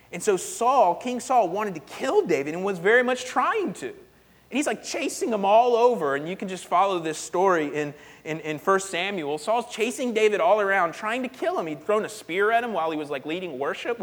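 Animated male preacher in a reverberant hall. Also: fairly high pitch. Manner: animated storytelling, casual with frequent "like". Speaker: pastor. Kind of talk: sermon.

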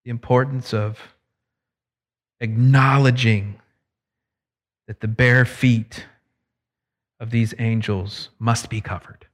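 Slow-paced preacher with dramatic hushed drops. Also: male voice. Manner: dramatic swings between loud emphasis and hushed low drops; casual asides mixed into teaching. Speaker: pastor. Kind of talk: expository sermon.

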